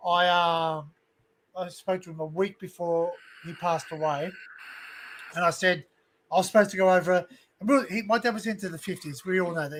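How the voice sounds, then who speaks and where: A man's voice: high-pitched, fairly bright tone. An Australian man hosting a livestream, telling a personal story candidly and emotionally, swearing freely. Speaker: livestream host. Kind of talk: casual chat.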